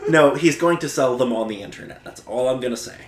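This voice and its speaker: Speaking quickly at a medium pitch, a man hosting a podcast goes over the plot casually, full of filler words and occasional blunt swearing. There's a roomy echo on the audio.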